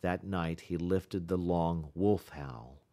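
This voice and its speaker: A man narrating a classic novel as an audiobook in a measured storytelling delivery. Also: deep voice, dark tone.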